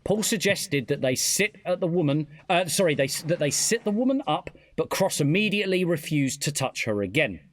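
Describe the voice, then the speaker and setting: A man's voice: fairly high pitch, big pitch swings, brisk, few pauses, dry recording. A British man hosting a podcast, reading a true-crime story aloud with stumbles and self-corrections. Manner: reads the story aloud with stumbles, laughs a lot. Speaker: podcast host. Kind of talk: casual podcast narration.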